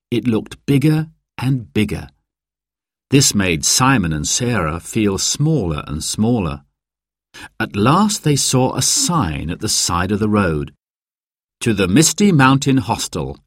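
A man narrating a children's storybook slowly and clearly. His lowish voice moves expressively, and the recording is close and dry with no room sound. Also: no room sound. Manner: slow, clear, expressive reading. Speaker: audiobook narrator.

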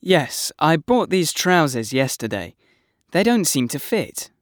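A man reading the lines of an ordinary adult man in scripted exam dialogues, with clear, careful delivery. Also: fairly high pitch, very animated, measured pace, no room sound, clean studio sound. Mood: plain. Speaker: dialogue actor in a listening exam.

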